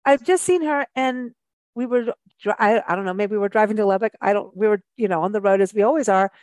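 A woman's voice: medium pitch, fast, darkish tone, no room sound. A woman from South Africa hosting a radio travel show, chatting in a rambling way full of "you know". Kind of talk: casual radio chat.

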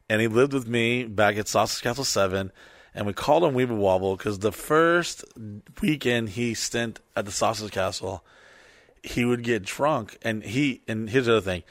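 A man's voice: lowish voice, no echo. Profane man, dry close sound. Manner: profane, animated, mock voices for people. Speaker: podcast host. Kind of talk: casual chat.

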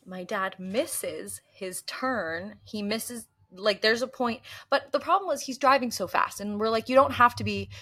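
A young woman from the US East Coast, co-hosting a podcast in casual chat and telling animated stories, mimicking voices and gasping. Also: mid-range voice, a little slow, few pauses. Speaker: podcast co-host.

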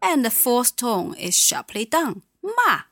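A woman teaching Mandarin, a native speaker who patiently models words slowly and clearly. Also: mid-range voice, a bit bright, no echo, clean studio sound. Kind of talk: language teaching.

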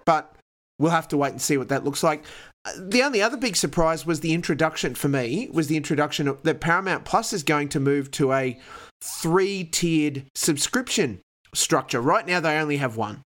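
A man's voice: on the high side, fairly bright tone. A middle-aged man with an Australian accent, giving chatty, opinionated takes as a podcast panelist. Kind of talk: casual podcast chat.

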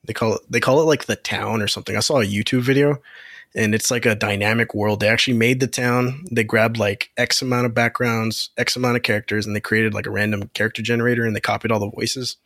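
A man co-hosting a podcast in casual chat, relaxed and explaining things at length. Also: fairly low pitch, quick pace, no echo, clean studio sound. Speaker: podcast co-host.

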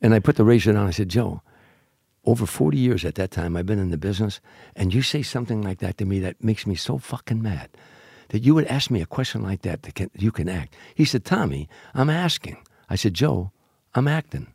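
A man's voice: on the low side, fairly quick, gravelly, mellow, husky, no echo, studio quality. An older male comedian telling a show-business anecdote and acting out both sides of the dialogue. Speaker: comedian guest. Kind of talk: storytelling anecdote.

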